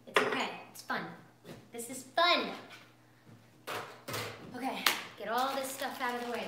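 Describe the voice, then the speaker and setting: A woman's voice: a little high, normal speed, reverberant, very noisy. A woman teaching a live cooking class from her kitchen, bubbly and chatty, talking straight to her viewers. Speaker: cooking instructor. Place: home kitchen.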